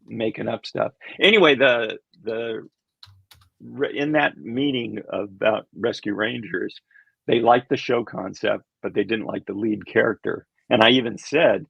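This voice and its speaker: Gravelly older man telling stories. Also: lowish voice, a bit bright, no echo. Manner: rambling, chuckling, acts out quoted voices. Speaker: animation creator, interview guest. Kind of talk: casual anecdotal storytelling. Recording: dull lo-fi sound.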